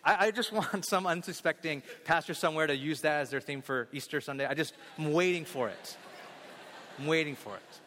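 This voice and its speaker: A male pastor with a fairly high voice preaches a little fast in a church sanctuary, with a long reverb tail and slight background noise. Animated, he acts out scenes and jokes with the congregation.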